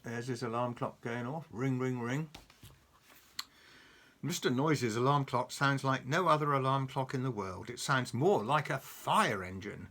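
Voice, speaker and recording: A man reading a picture book aloud to a child, animated and chuckling, pointing out the pictures. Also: medium pitch, measured pace.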